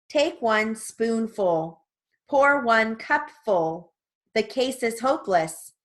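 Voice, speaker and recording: A woman's voice: a little high, fairly bright tone. A woman reading sentences and legal terms aloud as stenography dictation practice, with casual asides between drills. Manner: slow, evenly spaced dictation.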